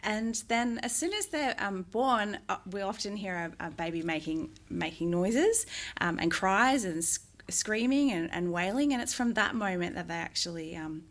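Gentle woman explaining calmly. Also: lowish voice. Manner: gentle, measured, frequent "um" pauses. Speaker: music therapist. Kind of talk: explanatory interview answers.

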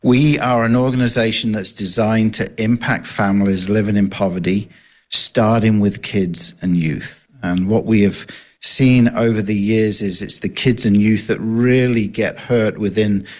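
A man's voice: lowish voice, fairly even intonation, unhurried. A man with a foreign accent, a ministry leader giving an easygoing radio interview with many fillers. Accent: non-American, from further south than Texas. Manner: easygoing, joking, with hesitant fillers.

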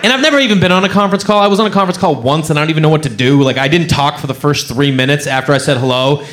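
On a club stage, a stand-up comedian tells a rambling, self-mocking story packed with "you know" fillers. His voice is on the high side and a bit bright, and he races along.

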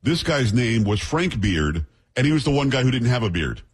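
A man's voice: mid-range voice, sing-song, normal speed, breathy edge. A middle-aged man hosting a radio talk show, chatting and joking casually with his sidekick. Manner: chatty, jokey banter with sidekick.

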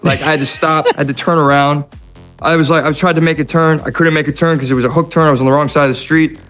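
A man's voice: fairly high pitch, steady tone, quick pace, a bit bright, soft background music. A man with an American accent, chatting casually as a guest in an interview, laid-back and self-deprecating. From United States. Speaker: actor guest.

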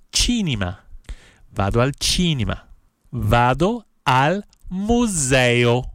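A man teaching Italian phrases, saying each one slowly and repeating it. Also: medium pitch, dry recording, studio quality. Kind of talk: slow, repeated language lesson.

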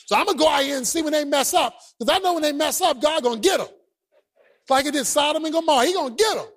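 A man acting out an aggrieved, self-pitying prophet who complains quickly and indignantly. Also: very high-pitched, expressive, fairly bright tone. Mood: grumbling.

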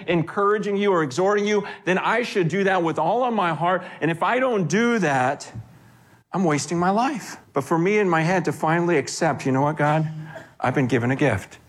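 A man preaching a sermon in a conversational, animated way, acting out quoted voices. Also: sits high, moderate pace.

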